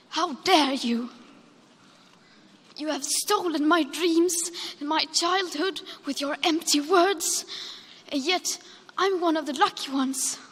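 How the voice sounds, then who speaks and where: A young woman delivers a formal, accusing speech, her words slow and deliberate. Her voice sits high, and a long reverb hangs around it. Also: a bit bright. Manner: accusing, emotional. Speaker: climate activist giving a speech.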